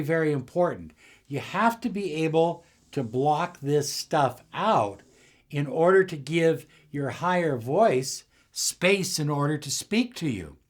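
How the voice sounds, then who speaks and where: A middle-aged man giving slow, soothing, emphatic motivational spiritual teaching. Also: fairly high pitch. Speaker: law of attraction teacher.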